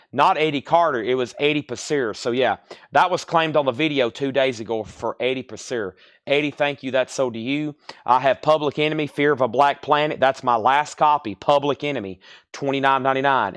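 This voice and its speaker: A man runs a live record auction on a stream, reading off titles and repeating prices in a brisk patter. His voice sits at an ordinary middle pitch. The sound is dry and close, with no room echo. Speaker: live record sale host. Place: record store.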